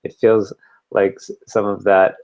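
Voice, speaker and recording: A man co-hosting a relationship advice chat, easygoing and quick to laugh between his points. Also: lowish voice, flat delivery, gravelly, a little mellow. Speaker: podcast co-host.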